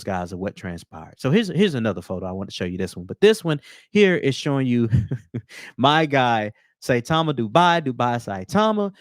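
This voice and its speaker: A man with a Southern US accent hosts a crypto news show, chatting casually and animatedly over on-screen photos while calling viewers "guys." His medium-pitched voice is recorded cleanly in a studio with no room sound.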